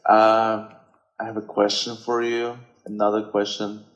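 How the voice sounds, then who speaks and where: A man's voice: fairly low pitch, completely flat delivery, measured pace, highs cut off. A man from Russia with a Russian accent, a native Russian speaker, chatting as a guest and searching for words with many fillers. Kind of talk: casual conversation.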